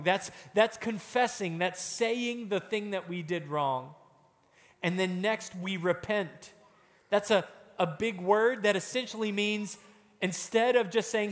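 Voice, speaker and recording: A man giving a children's sermon, telling a story and acting out quotes with animated delivery. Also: high voice, slow pace. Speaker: children's pastor. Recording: long hall reverb.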